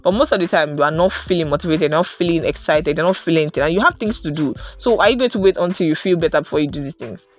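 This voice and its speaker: A woman's voice: sits low, very fast, hardly any pauses. A young woman giving an earnest, casual motivational talk. She fills her speech with "like" and "right?". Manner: earnest, animated, many fillers like "like" and "right?". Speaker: motivational podcaster.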